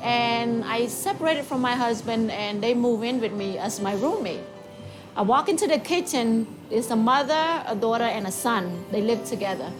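A woman shares her personal testimony, her voice rising and falling a lot as she tells it. She acts out the dialogue in a lively way. Music plays clearly underneath. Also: fairly high pitch, normal speed. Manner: lively storytelling, acting out dialogue.

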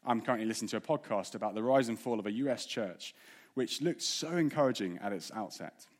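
A man's voice: lowish voice, fast talker. A man preaching a sermon in an earnest way, asking the congregation rhetorical questions.

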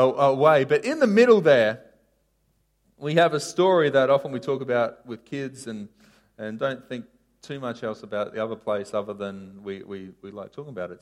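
A man preaching a casual sermon, telling a story with sharp rises and drops in his voice. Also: mid-range voice. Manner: animated storytelling, voice rising and falling sharply.

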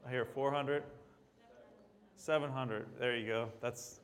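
A man's voice: medium pitch, steady tone, takes it slowly. A man preaching a sermon in a church, reading scripture aloud and asking the congregation questions in a conversational way. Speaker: guest preacher. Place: church sanctuary. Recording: long hall reverb.

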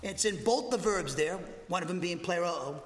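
A man in his sixties from Massachusetts with a Boston accent, teaching a Bible lesson as a pastor in a conversational, animated way, full of restarts and asides. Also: high voice, normal speed, in a large hall. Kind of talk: expository sermon lesson. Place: church sanctuary.

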